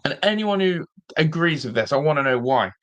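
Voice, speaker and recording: Exasperated football fan ranting. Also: male voice, on the high side, expressive, fairly quick, a bit bright. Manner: exasperated, repeats himself, mocking. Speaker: fan channel host. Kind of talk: live-streamed football fan rant.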